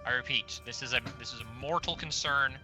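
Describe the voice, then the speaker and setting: A man's voice: mid-range voice, brisk, music in the background, rough recording. A man playing a starship captain in a tabletop game, speaking earnestly and urgently in character. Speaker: player voicing a starship captain. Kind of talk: in-character role-play.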